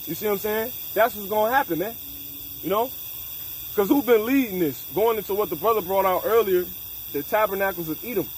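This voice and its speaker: A man's voice: high voice, fairly quick, a little hiss or hum, rough recording. A man leading a casual scripture discussion, emphatic and profane, mixing street slang with Bible reading. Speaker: scripture study leader.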